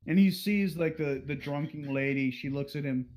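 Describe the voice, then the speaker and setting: A man narrates a tabletop game as its game master. His voice sits a little high, and he tells the scene in a crude, playful way. Faint music plays behind him. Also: normal speed, few pauses, darkish tone.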